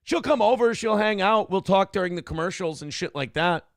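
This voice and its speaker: This morning-show host has a gravelly, fairly high voice. He recounts stories with loose, swearing energy, and the sound is dry and close. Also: fairly quick, no room sound. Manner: animated storyteller, swears freely. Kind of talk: casual profane chat.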